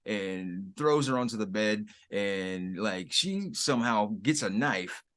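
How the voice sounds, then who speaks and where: Male podcast co-host, laid-back recap, lively pitch swings. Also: takes it slowly, a crowd in the background. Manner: laid-back, trailing, filler-heavy recap. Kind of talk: casual chat.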